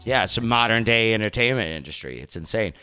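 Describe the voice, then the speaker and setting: A man's voice: fairly low pitch, expressive, fast talker, bright, forceful tone, smooth, faint music behind. A young man hosting a podcast in casual talk, rambling and exasperated, slipping into mocking voices. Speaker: podcast host.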